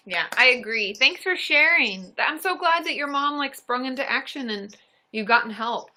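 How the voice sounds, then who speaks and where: Bright, upbeat woman therapist live-streaming. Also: sits high, normal speed, slight background noise. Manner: upbeat and encouraging, squeals excitedly at gifts. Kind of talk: live-stream chat answering viewers.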